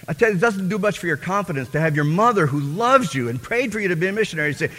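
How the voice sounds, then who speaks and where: A man preaching a personal testimony as a sermon, telling his story with fervor and swinging from hushed, quiet passages to loud, impassioned ones. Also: on the high side, animated, fast talker, hardly any pauses, long reverb tail.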